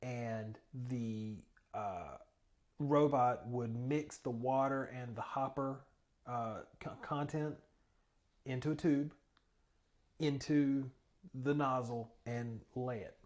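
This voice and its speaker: A man's voice: medium pitch, slow, a little mellow. A man co-hosting a podcast, chatting casually and explaining things step by step with the odd filler. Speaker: podcast co-host. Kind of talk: casual chat.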